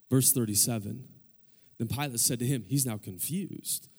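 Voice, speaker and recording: A man's voice: medium pitch, moderate pace, darkish tone, slightly rough. Preaching man in an echoing church. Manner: calls for amens, preaches with rising intensity. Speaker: pastor. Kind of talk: sermon. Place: church sanctuary. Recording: long hall reverb.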